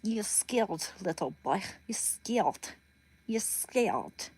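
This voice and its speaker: A woman's voice: mid-range voice, animated, very slow, darkish tone, breathy edge, full character voice. A woman putting on a mock Russian accent to play a big, manly Russian man who taunts people, half-whispering some of his words. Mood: taunting.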